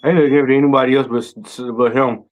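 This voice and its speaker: A man in a casual chat, emphatic and repeating himself, with halting fillers. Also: mid-range voice, steady tone, poor audio.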